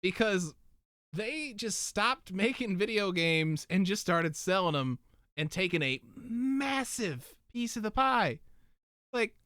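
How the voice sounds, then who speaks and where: Podcast host guy, bouncy pitch, goes off on tangents, dead dry studio sound. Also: no echo. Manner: rambling, animated, quick tangents. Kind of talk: casual chat.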